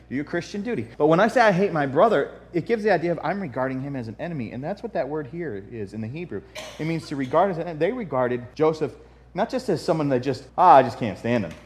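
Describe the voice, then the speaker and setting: A man preaching a sermon as pastor, folksy and joking, swinging from soft asides to loud emphatic repetition and reading scripture aloud. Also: on the high side, lively intonation, fast, slight background noise. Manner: folksy humor, reads King James scripture aloud.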